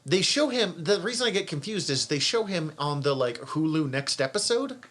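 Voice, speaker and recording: A fairly high-voiced man chatting casually as a podcast co-host. He is animated, exclaims loudly and swears freely as he talks. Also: moderate pace. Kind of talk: casual chat.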